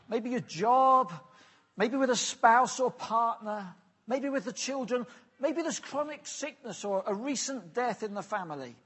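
A man preaching an earnest, pastoral sermon, often letting his phrases fall soft and low at the end. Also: husky. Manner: earnest, pastoral, drops softly at phrase ends.

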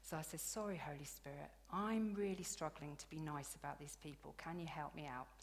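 A woman preaching a sermon in a chatty, animated storytelling way, laughing now and then. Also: low voice, fairly quick. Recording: long hall reverb.

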